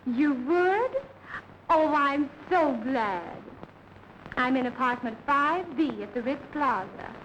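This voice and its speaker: An actress playing a wisecracking young showgirl, brassy and quick, in 1930s film dialogue. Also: sits high, lively intonation, a bit bright, muffled recording, a little hiss or hum. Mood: coy.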